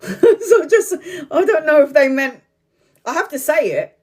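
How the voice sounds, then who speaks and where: A tarot reader doing a live reading chats and frequently laughs as she talks, sometimes drawing out phrases for emphasis. Her high-pitched voice is sing-song and darkish in tone, and she speaks unhurriedly.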